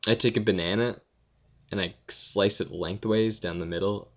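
A man's voice: on the low side, normal speed, sharp tone, muffled recording. A young man casually answering viewer questions in a rambling, offhand, sleepy way. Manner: rambling, offhand, swears and yawns, tired. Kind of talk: casual Q&A vlog.

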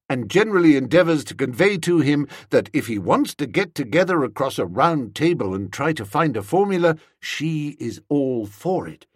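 Brief: male audiobook narrator, wry comic delivery, husky, very lively pitch. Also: dry recording, clean studio sound. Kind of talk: first-person comic novel narration.

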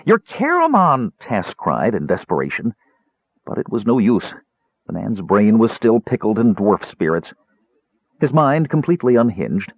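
Man narrating fantasy, tinny and lively. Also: on the low side, husky, no room sound. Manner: expressive, dramatic reading. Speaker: audiobook narrator. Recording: tinny narrow-band dry recording.

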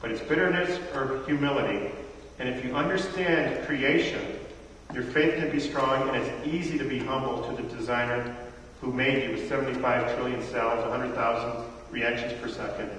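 A man's voice: medium pitch, fairly even intonation, moderate pace, a bit bright, slight background noise. Middle-aged male preacher, chatty sermon, asks the crowd questions, distant mic in a reverberant hall. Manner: conversational preaching, quizzes the congregation. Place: church hall. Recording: echoey hall from far off.

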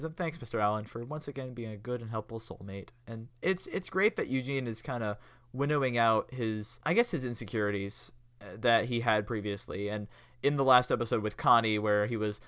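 A man's voice: medium pitch, a bit bright, clear, resonant tone, no room sound. A man hosting a casual podcast review chat, laughing often and acting out quotes from episodes; he sounds tired. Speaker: podcast host.

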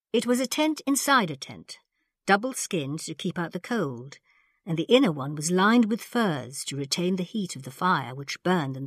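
A woman narrates a story in even, unhurried scripted reading. Her voice is fairly low and recorded close with a dry sound. It is a storybook reading. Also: slightly rough, no room sound. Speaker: audiobook narrator.

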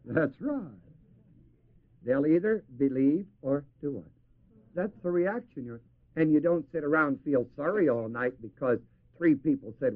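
Lively, high-voiced male preacher, tinny tape. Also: measured pace. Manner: asks the audience to finish verses; chuckles often. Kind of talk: sermon.

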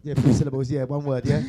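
A man, an MC on a radio station, talking in rowdy banter and chanting rhymes in a boisterous, half-sung patter. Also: fairly high pitch.

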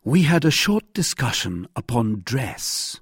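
Eager polite young duelist in a storybook, man doing the voice, lively ups and downs. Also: medium pitch, slow pace, husky, no echo, clean studio sound, heavily acted. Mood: astonished. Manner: earnest, courteous, formal. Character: young eager male swordsman, polite and bold.

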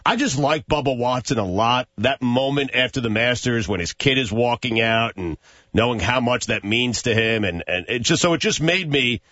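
A man's voice: mid-range voice, moderate pace, a bit bright, no room sound. A man in his forties, a sports radio co-host, talking in an emotional, rambling way. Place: radio studio. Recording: dull studio audio.

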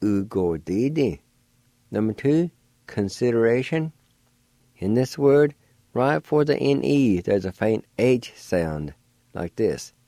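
A man teaching a spelling and pronunciation lesson, slow and careful, repeating each word. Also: medium pitch, lively intonation, warm tone, no room sound. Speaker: language teacher and radio host.

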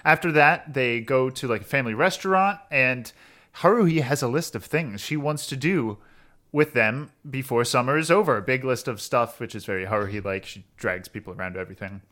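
A man co-hosting a casual podcast, rambling through a plot summary with lots of fillers and quick laughs. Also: medium pitch, a bit bright. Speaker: podcast co-host.

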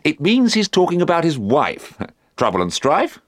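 A man's voice: a little high, huge pitch swings, normal speed, no echo. A man on a panel telling an amused anecdote, chatty, with hesitant fillers. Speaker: panel member.

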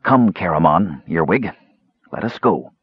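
A man voicing a wary young male mage who speaks quietly and deliberately in a storybook reading. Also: sits low, expressive, husky, no room sound, muffled recording, heavily acted. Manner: quiet and measured.

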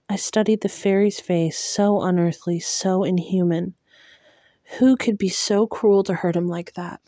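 Slow, mellow woman reading a novel. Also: lowish voice, steady tone, no echo, studio quality. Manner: soft, unhurried and emotional. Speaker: audiobook reader. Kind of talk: reading a fantasy novel aloud.

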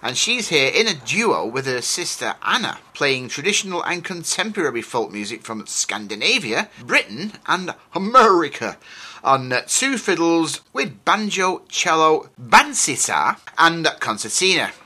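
Male radio host, very bright and husky voice, self-mocking and chatty, pitch jumps all over. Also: very animated, measured pace. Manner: self-deprecating, jokey, hesitant with fillers. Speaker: radio folk music show host. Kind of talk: casual radio presenting.

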